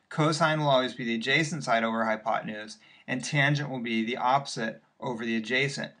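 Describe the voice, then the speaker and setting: A man's voice: mid-range voice, sharp tone. A male math teacher walking patiently through worked examples in a recorded lesson, step by step with occasional fillers.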